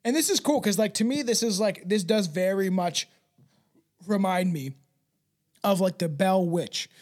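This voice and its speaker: A man's voice: high-pitched, unhurried, darkish tone. A man co-hosting a podcast in casual chat, rambling and profane, laughing easily and dropping into a mumble. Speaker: podcast co-host.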